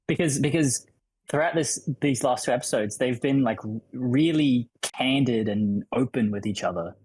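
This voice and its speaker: A man's voice: mid-range voice, moderate pace, darkish tone, husky, dry recording, poor audio. A man on a casual podcast who speaks thoughtfully, hedging and restarting with many likes. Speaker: podcast panelist.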